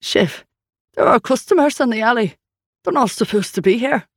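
Woman reading a broken-down burly busboy; high, trembling, near tears, dry booth sound. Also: expressive, normal speed, no room sound. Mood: confused. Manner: high, shaking, sobbing voice. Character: burly young male busboy, exhausted and weeping.

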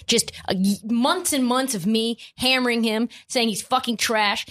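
A woman's voice: sits high, fairly bright tone. A woman hosting a podcast, ranting about sports in a blunt, profane and emphatic way. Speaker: podcast host. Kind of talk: opinionated sports podcast rant.

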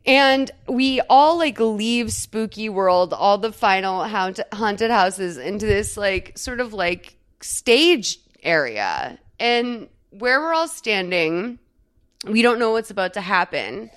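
A woman co-hosting a podcast in casual chat, telling stories in an animated way, full of "like" fillers and quick laughs. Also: mid-range voice, smooth. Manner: chatty, animated storytelling full of 'like' fillers; laughs often mid-sentence. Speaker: podcast co-host. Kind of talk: casual chat recapping a movie.

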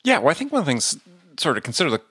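A man's voice: on the high side, huge pitch swings, rapid-fire, bright, forceful tone, breathy edge, no echo, clean studio sound. A man hosting a podcast, asking probing follow-up questions in a conversational way. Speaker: podcast host. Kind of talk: interview questions.

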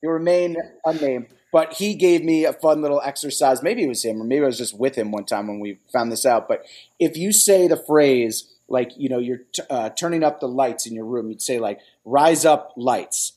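Husky teasing male co-host. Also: mid-range voice, brisk, darkish tone. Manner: teasing, playful. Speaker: podcast co-host. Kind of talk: casual chat.

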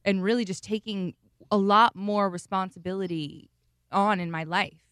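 A woman's voice: mid-range voice, steady tone, normal speed, fairly bright tone, clean tone, no echo, clean studio sound. A woman singer appearing as a guest on a radio chat, giggly and laid-back. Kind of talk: casual interview chat.

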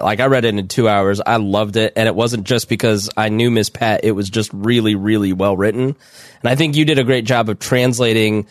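A man's voice: lowish voice, no echo, clean studio sound. A man co-hosting a casual podcast, easygoing and joking. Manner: laughs a lot, easygoing joker.

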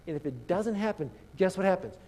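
Animated high-voiced male preacher. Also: a little fast. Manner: conversational, animated, acts out quotes. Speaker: pastor. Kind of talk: sermon.

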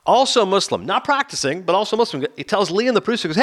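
High-pitched and quick, barely pausing, a man co-hosting a podcast spins energetic stories in casual talk, animatedly impersonating the people he's quoting.

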